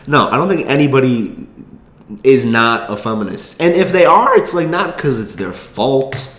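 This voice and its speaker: A man's voice: medium pitch, expressive, a bit bright, roomy sound. A young man telling a rambling story in casual chat, swearing freely and restarting his sentences. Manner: rambling, profane, quick asides and restarts. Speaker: vlogger.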